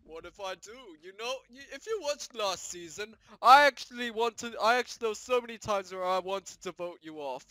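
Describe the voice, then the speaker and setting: A man's voice: sits high, animated, a little fast, hardly any pauses, bright, forceful tone, dry recording, soft background music. A man voicing a plush toy character who teases and boasts while playing a game. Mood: teasing. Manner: teasing and boastful. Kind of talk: gaming comedy voice acting.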